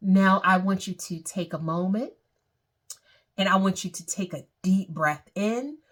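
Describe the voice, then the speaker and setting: A woman's voice: medium pitch, a bit bright. A woman leading a guided meditation, speaking in a soothing, repetitive way. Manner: slow, soothing, repeats phrases.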